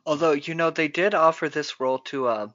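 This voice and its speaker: Bright-voiced man riffing on a movie. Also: a little high, fairly quick, no echo, dull audio. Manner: jokey, acts out quotes in silly voices. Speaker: podcast co-host. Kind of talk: casual movie chat.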